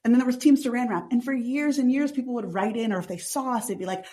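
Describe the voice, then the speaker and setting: A woman's voice: on the high side, fast. A woman, chatting as a podcast guest and saying "like" constantly. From Long Island, New York. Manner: says "like" constantly, chatty and animated. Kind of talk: casual chatty interview.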